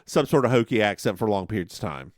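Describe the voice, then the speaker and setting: A man's voice: lowish voice, very animated, quick pace, no echo. A man co-hosting a podcast, casually and playfully recapping a TV episode on a close studio mic. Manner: playful, jokey, mimics characters. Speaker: podcast co-host.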